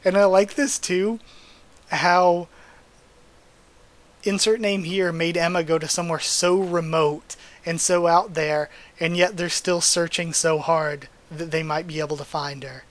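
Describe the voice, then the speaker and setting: Guy reading a manga out loud and getting all emotional about it, kinda high voice. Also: steady tone, a little slow. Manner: emotional, gushing. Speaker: manga readthrough host. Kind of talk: casual reading and commentary.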